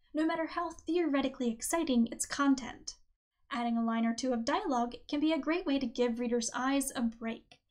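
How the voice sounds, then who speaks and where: A woman with a high voice hosts a writing-advice podcast. She reads her script in a clear, measured way and reads examples aloud as she goes. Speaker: podcast host.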